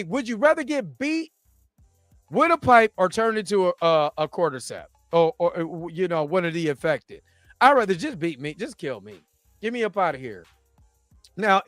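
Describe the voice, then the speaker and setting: A man with a high, lively voice talks through a TV episode in a loose, rambling review. He acts out the characters' lines as he goes. The sound is dry and close, with faint music underneath. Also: no echo. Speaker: TV review host. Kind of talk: casual video review with reenacted quotes.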